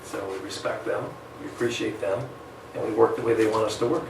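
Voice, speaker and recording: Lively male sales trainer in an echoey room. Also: fairly low pitch, fairly quick, vocal fry, noisy background. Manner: energetic, acts out phone dialogues, varies speed on purpose. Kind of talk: live sales training seminar. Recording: echoey room, mic at a distance.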